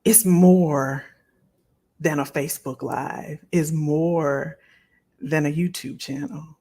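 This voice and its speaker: A woman's voice: sits low, lively intonation, slow pace, gravelly, mellow, husky. A middle-aged woman hosting a live stream, chatting casually and heartfelt with her viewers and often repeating phrases. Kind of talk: casual chat to a live audience.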